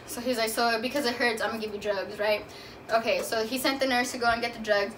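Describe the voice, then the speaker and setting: Chatty young woman, bright voice. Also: fairly high pitch, fairly even intonation, fast talker. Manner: casual, chatty, many "like" fillers. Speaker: vlogger. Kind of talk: storytime vlog. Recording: from a distance, faint room noise.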